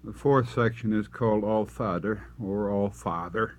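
Slow, low-voiced man reciting poetry. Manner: solemn, deliberate recitation with long pauses. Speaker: poetry reader. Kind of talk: slow, measured poetry reading.

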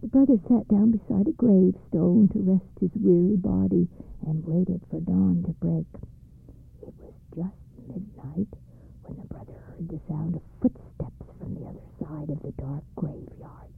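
A storyteller reading a folktale aloud in a measured, expressive way. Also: mid-range voice, gravelly, a little hiss or hum. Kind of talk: storybook narration. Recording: dry, phone-like narrow band.

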